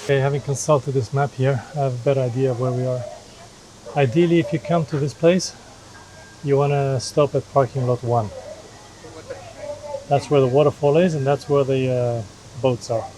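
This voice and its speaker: A travel vlogger walks through a river gorge, holding his camera aloft and chatting casually about the sights. His medium-pitched voice is warm with fairly even intonation, a moderate pace, and long pauses, and the recording quality is low.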